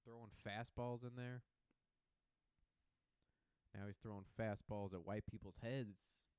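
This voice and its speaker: A brash man riffs through a crude comedic sports monologue and hops from topic to topic. His voice sits low and sounds smooth and clear. The recording is dry and close to the mic. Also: fairly even intonation, a little slow, a little mellow, dry recording, low-quality recording. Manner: brash, profane, jumps between topics.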